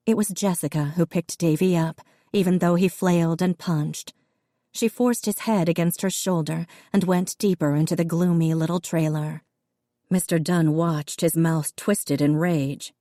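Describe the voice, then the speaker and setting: A woman narrates an audiobook in a measured, even storytelling style. Her voice is on the low side, and the clean studio recording has no echo.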